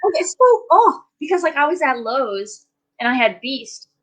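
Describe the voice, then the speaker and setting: A woman's voice: high voice, big pitch swings, normal speed, a little hiss or hum, poor audio. A woman telling stories in a casual chat, ranting animatedly with lots of fillers.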